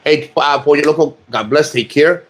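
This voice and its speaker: A man's voice: on the high side, moderate pace. A man vlogging from a rented room, joking crudely and rambling with lots of restarts. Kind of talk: casual chat to camera.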